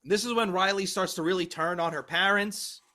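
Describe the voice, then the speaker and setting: A man with a high, bright voice recaps a story in casual podcast chat, dropping quick jokes along the way. His talk stays loose and comedic. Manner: recaps plot with jokey asides.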